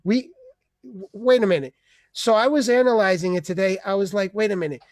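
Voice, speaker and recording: A man's voice: high-pitched, moderate pace, no room sound, studio quality. A man hosting an online open mic, ranting and rambling with profanity and sudden voice changes, over a video call. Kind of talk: comedy rant.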